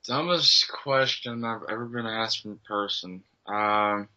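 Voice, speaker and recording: Man, hesitant podcast guest, bright tense voice, lowish pitch. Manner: hesitant, many pauses and fillers. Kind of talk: casual chat. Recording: dull lo-fi audio.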